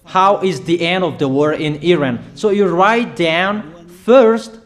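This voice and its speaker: A man's voice: sits high, takes it slowly. A man delivering a prophetic sermon, making emphatic, repetitive proclamations in non-native English phrasing. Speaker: preacher.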